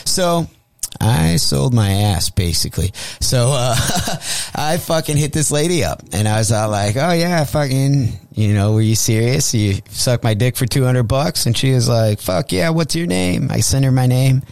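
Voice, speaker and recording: A male comedian from St. Louis telling a crude story on a radio show, profane and animated, acting out the voices in his tale. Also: medium pitch, unhurried, dry recording. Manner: profane, animated, acts out quotes. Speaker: comedian guest.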